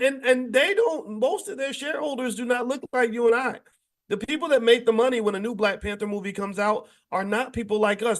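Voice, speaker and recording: A man hosting a daily finance show, talking off the cuff to his audience in an emphatic, preachy way, often restarting and asking listeners to agree. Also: high-pitched. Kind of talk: unscripted monologue to an online audience.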